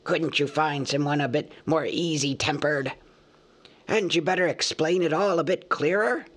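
A man's voice: a little high, normal speed, fairly bright tone, voice pushed up. Complaining male dwarves, raised and querulous, put on by a male narrator. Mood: grumbling. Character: grumbling band of male dwarves.

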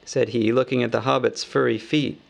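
Gravelly guy reading a storybook, calm and dry-witted, medium pitch. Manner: measured, wry storytelling. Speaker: audiobook narrator. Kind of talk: storybook narration.

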